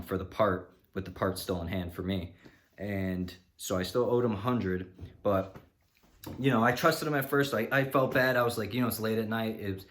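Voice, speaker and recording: A man vlogger tells a story in a loose, rambling way, with lots of "you know" and restarts. His voice sits on the low side, and a frustrated edge runs through his telling. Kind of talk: casual storytelling.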